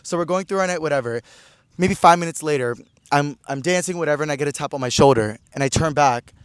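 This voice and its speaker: A man's voice: fairly high pitch, fast, clean tone, no room sound. A young man in his twenties hosting a podcast, telling a story in casual, slangy chat full of "like.". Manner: chatty, slangy, peppered with "like". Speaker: podcast host.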